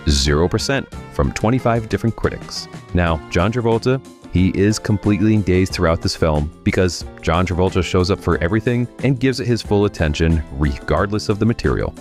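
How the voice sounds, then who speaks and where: A man's voice: sits low, lively intonation, moderate pace, faint music behind. A man hosting a comedic film review show and ranking bad sequels with dry sarcasm. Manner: wry, sarcastic. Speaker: host.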